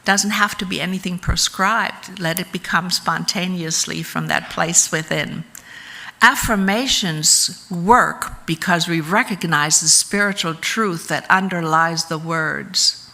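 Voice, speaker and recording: A woman giving a calm, measured teaching talk at a church service, explaining spiritual practices in an unhurried way. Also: on the low side, creaky. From United States.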